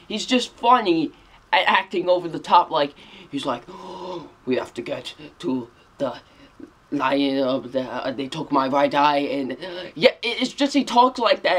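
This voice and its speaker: A movie reviewer talking casually to the camera, emphatic and repetitive, circling back to the same verdict again and again. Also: medium pitch.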